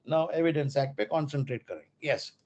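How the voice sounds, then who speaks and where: A man with an Indian English accent, mixing in Hindi, giving a law lecture to students in a deliberate way and repeating key terms. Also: a little high, darkish tone. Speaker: law professor.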